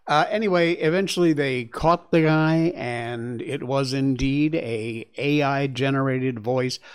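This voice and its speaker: A man's voice: mid-range voice, vocal fry, a little mellow. A man hosting a show, reading news stories aloud and reacting with chatty, exclaiming asides. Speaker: show host. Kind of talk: casual commentary on news stories.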